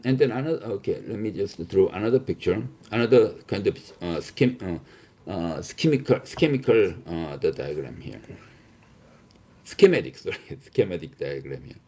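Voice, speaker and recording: Male lecturer, emphatic, lots of "okay?", animated pitch, muffled lo-fi audio. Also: normal speed, slightly rough. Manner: many fillers and restarts, repeats "okay?"; emphatic, reassuring. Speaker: teacher.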